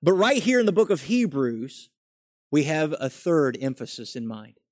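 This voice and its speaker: A man preaching a sermon, reading scripture aloud slowly and then building to animated emphasis. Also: on the high side, no echo, clean studio sound.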